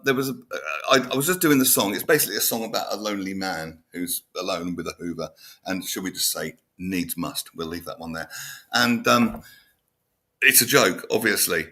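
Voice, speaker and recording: A man rambles through a casual midday chat, animated and often laughing as he talks. His voice sits a little low but rings bright and forceful. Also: vocal fry. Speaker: host.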